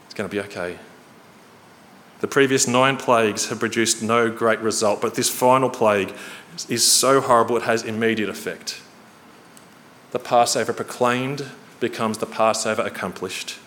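A man preaching a sermon in a church hall, earnest and storytelling, slowing and quickening for emphasis. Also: on the low side, fairly bright tone. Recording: reverberant hall, faint noise.

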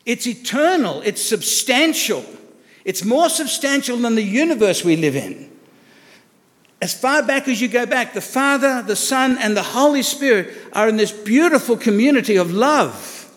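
A pastor preaches a conversational sermon, putting rhetorical questions to the congregation. His high voice carries a long reverb tail.

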